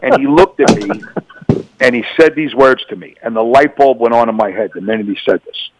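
A man's voice: medium pitch, fast, noisy background. A middle-aged man, a former police officer, giving personal testimony in an interview and acting out remembered dialogue with energy. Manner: animated, acts out remembered dialogue.

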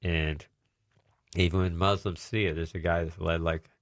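A man with a very deep voice co-hosts a Christian talk show, chatting casually and often restarting his sentences. The recording is dry and close, with no sound of the room. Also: little pitch movement, normal speed, gravelly, no echo. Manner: conversational, with frequent restarts. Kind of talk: casual chat and scripture reading.

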